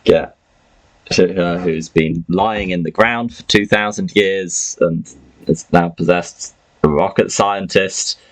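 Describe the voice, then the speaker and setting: A deep-voiced man speaks slowly over poor audio. He's a podcast host and game master casually recapping a tabletop game with friends, rambling with plenty of fillers and laughing often.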